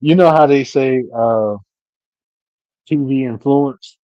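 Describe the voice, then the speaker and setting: Man panelist streaming from home, loose and profane, dark tone, dull dry audio. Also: medium pitch, slow, dry recording. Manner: blunt, profane and animated storytelling. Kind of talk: casual live-stream panel talk.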